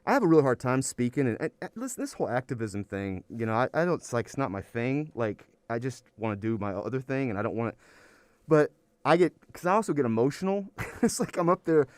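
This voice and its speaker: A man's voice: mid-range voice, very animated, quick pace, darkish tone, no echo. A man, an anthropology professor, talking in a casual podcast interview, rambling and worn out, often restarting his sentences. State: weary.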